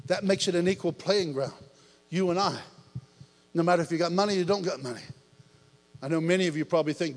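High-voiced preacher in an echoing hall. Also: male voice, fast, pauses often. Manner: animated testimony with shouts, jokes and laughter. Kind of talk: sermon.

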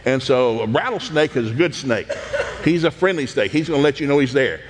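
A man's voice: mid-range voice, a little fast, big-room sound, background noise. Man telling folksy farm stories. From East Tennessee, USA. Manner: animated, laughs often, acts out voices. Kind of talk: folksy anecdotal storytelling.

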